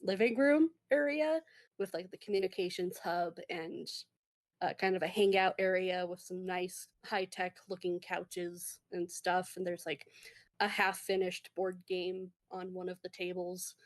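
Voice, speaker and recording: A woman's voice: on the low side, steady tone, a little slow. A woman narrating a tabletop game as game master, meandering and full of fillers.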